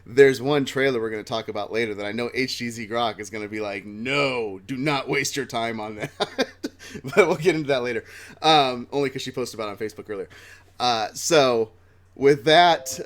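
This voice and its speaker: A man's voice: mid-range voice, a little fast. A man hosting a live nerd-culture podcast, chatting casually with fillers and laughs. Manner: relaxed, joking, filler-heavy. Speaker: podcast host. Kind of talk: casual chat.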